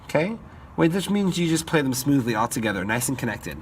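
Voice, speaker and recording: A man's voice: mid-range voice, very animated, fairly quick, noisy background. A man teaching music composition in a screen-recorded tutorial, upbeat, stopping now and then to scat-sing the melodies.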